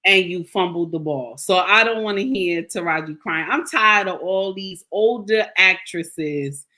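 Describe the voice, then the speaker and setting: A woman's voice: fairly low pitch, measured pace, pushed and bright. An older woman, giving sassy, preachy commentary to her viewers. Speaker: commentary vlogger. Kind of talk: casual opinion commentary.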